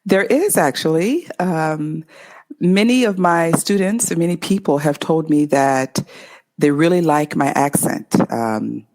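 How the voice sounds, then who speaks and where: A woman with a Californian accent answers interview questions about her work as an English tutor. Her voice sits slightly low for a woman, and she speaks in an expressive, upbeat way. She enunciates each word cleanly. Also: unhurried. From Los Angeles, USA.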